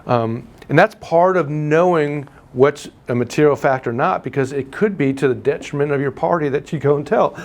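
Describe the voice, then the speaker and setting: A man teaching a live real estate class, telling stories and teasing the room. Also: on the high side. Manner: animated storyteller, teasing, quick asides. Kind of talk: live class lecture with anecdotes.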